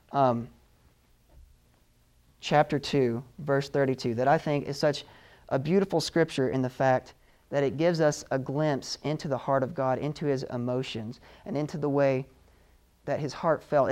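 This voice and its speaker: A man preaching a sermon in an earnest, emotional way, slowing down with heavy pauses for emphasis. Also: medium pitch, a little mellow.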